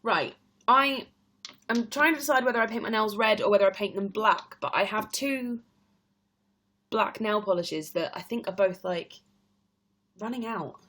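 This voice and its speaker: A young woman with a British accent talks into her webcam at home, hosting a relaxed live stream. She rambles from thought to thought and laughs easily. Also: mid-range voice, moderate pace, pauses often. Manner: chatty, rambling, laughs often. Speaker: livestream host. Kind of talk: casual live-stream chat.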